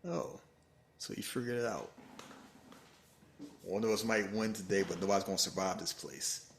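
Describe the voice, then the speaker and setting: A man's voice: lowish voice, moderate pace, vocal fry, slight background noise. A man co-hosting a podcast, chatting casually about a movie in profane slang and acting out the characters as he retells scenes. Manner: animated storytelling, profane slang, acts out characters. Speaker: podcast co-host. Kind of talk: casual movie reaction chat.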